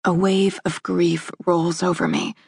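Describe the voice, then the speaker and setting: A woman narrating a first-person romance audiobook in a measured, intimate reading. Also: on the low side, fairly even intonation, breathy edge, dry recording. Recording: dry close studio recording.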